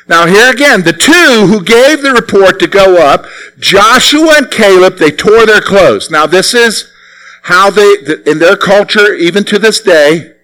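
A male preacher delivers a lively sermon in a high-pitched voice. His tone is bright and crisp, and he talks with his listeners, pulling them in with rhetorical questions. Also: measured pace, poor audio. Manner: animated, conversational, asks the listeners rhetorical questions.

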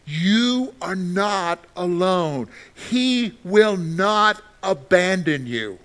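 Pastor, male, high and bright, animated sermon delivery that swings from worked-up to hushed. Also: extremely slow. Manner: animated preaching, acting out frantic prayers then dropping to soft reassurance.

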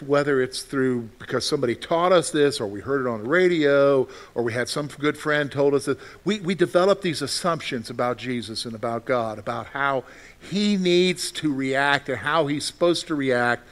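A man preaching a sermon, swinging between loud, animated outbursts and soft, quiet lines. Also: mid-range voice, moderate pace. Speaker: pastor.

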